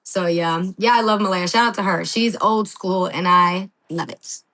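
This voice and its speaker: A woman wrestler talking casually on a podcast, telling animated stories, acting out quotes, laughing and swearing freely. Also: on the low side, normal speed, low-quality recording. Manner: lively storyteller, acts out quotes, laughs, swears. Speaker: wrestling guest.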